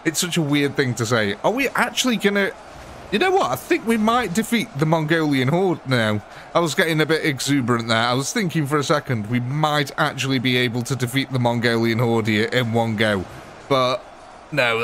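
A man's voice: medium pitch, expressive, normal speed, a bit bright, a little hiss or hum. A British man hosting a live gaming stream, commenting on the battle in a jokey, chatty way and answering his viewers. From Britain. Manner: jokey, chatty, replies to chat. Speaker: livestream host.

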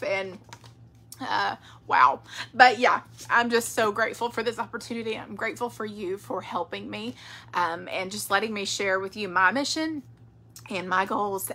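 Chatty bright-voiced woman. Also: fairly high pitch, moderate pace, slight background noise. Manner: chatty, rambling with fillers. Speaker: direct sales director. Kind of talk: casual product vlog.

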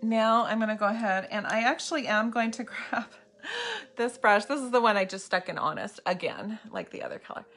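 A woman's voice: mid-range voice, fairly quick, fairly bright tone. Chatty woman hosting a makeup livestream. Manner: chatty, bubbly, talks to viewers by name. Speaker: makeup seller hosting a live video. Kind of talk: casual live makeup tutorial. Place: home room lit by ring light and window light.

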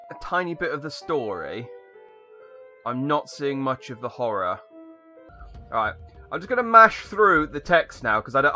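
A man's voice: a little high, bright, forceful tone. A young man giving sarcastic, rambling commentary while playing a video game. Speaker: gaming YouTuber. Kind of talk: sarcastic let's-play commentary.

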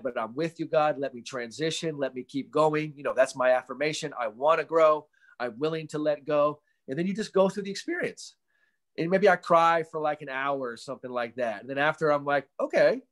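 A man with a slightly high voice, who works as a mental performance coach, is interviewed on a casual video-call podcast. He swears freely, tells stories with animated energy, and mimics the people he quotes.

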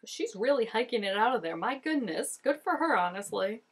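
Young woman, breathy husky voice, casual reaction-video chatter, filler-heavy talk. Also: a little high, expressive, normal speed.

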